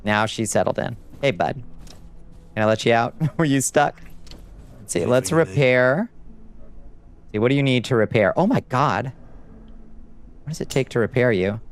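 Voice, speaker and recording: A man streams a game from his room, talking loosely to his chat with fillers and the odd curse. His voice is smooth and resonant, sitting at an ordinary middle pitch, picked up by a desk microphone. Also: lively intonation, normal speed, pauses often. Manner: loose and profane, rambling with fillers. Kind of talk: casual gameplay chat with viewers.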